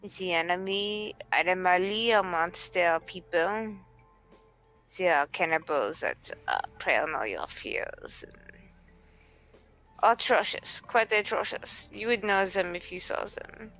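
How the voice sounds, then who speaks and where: A woman playing a curious, courteous female adventurer in a tabletop game, speaking slowly with pauses. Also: lowish voice, fairly bright tone, faint music behind, rough recording. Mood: scornful.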